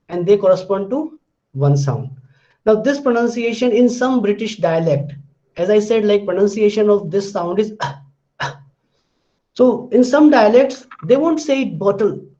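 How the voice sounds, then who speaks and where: A man lecturing on speech sounds, explaining slowly and repeating himself, with restarts, in a dull lo-fi recording. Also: sits high, warm tone. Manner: slow, repetitive explaining with many restarts. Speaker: linguistics lecturer.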